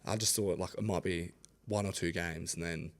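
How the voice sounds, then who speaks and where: Guesting on a podcast, a twenty-something Australian man who plays rugby league shares casual stories, animatedly mimicking others' words and laughing frequently. His voice is low-pitched and his pace moderate.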